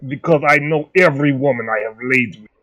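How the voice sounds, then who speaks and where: A man running a tabletop game as game master, narrating and speaking for his characters in slow, grave pronouncements. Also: mid-range voice, a bit bright.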